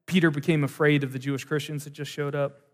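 Male pastor, slightly high voice, lively conversational preaching, long hall reverb. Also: fast talker. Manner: conversational, animated preaching with asides. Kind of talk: sermon.

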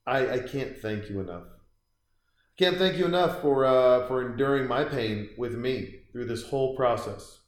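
A man hosts a podcast from a room in his house, rambling through casual, sarcastic commentary as he reacts aloud to a movie. His voice is medium-pitched at a normal speed, and the recording has a roomy echo.

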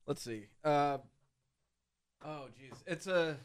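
A man's voice: a little high, takes it slowly, clean tone. A man co-hosting a podcast, chatting casually with short reactions and film talk. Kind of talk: casual chat.

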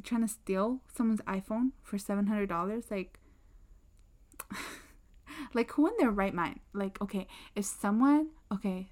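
Casual young woman host, average pitch, rambling and filler-heavy. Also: a little mellow. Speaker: podcast host. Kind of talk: casual chat. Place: indoors at a desk.

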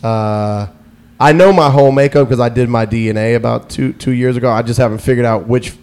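A relaxed man talking casually with his interviewer, with a voice of ordinary pitch. He wanders through his story, doubling back on his words and laughing now and then, and he sounds at home in the conversation. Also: brisk, clear, resonant tone. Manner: rambling, restarts often, laughs easily. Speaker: guest DJ.

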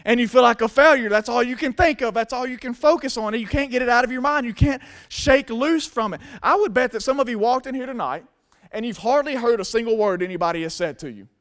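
A pastor preaches in a casual, emphatic way. His voice sits very high for a man. He addresses a congregation directly in a sermon. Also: quick pace, fairly bright tone.

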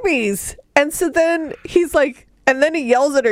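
A woman's voice: sits high, moderate pace, darkish tone, no echo, clean studio sound. A woman co-hosting a podcast, casually retelling a book's plot with sarcasm and mock voices. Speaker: podcast co-host recapping a book. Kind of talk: casual chat.

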